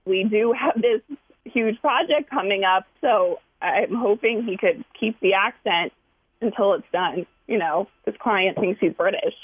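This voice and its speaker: A chatty woman guest talks on morning radio, giggling easily. Her voice sits at an ordinary middle pitch. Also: measured pace, husky, phone-quality sound. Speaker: guest, office coworker. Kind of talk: radio chat.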